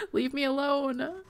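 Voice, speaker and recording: A woman's voice: high-pitched, fairly bright tone. A young woman giving let's play commentary, reading game text aloud and reacting with worried exclamations. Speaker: gaming video host.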